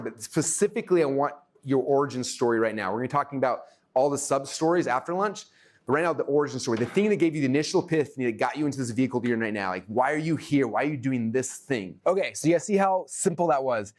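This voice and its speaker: A man teaching a workshop in front of a live room, talking at a rapid clip. He is energetic and excitable and acts out his own thoughts as he explains, and his pitch sits in a middle range.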